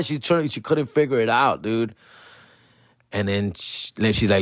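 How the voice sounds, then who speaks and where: A man's voice: fairly low pitch, animated, moderate pace, no room sound, clean studio sound. A man hosting a comedy podcast, telling a story in profane slang mixed with Spanish words.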